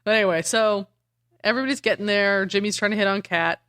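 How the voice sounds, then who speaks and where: A woman's voice: medium pitch, fast, a bit bright, no room sound, studio quality. A woman co-hosting a podcast, animatedly retelling a comic book plot with lots of "like" and casual swearing. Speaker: podcast co-host. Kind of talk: casual chat recapping a comic.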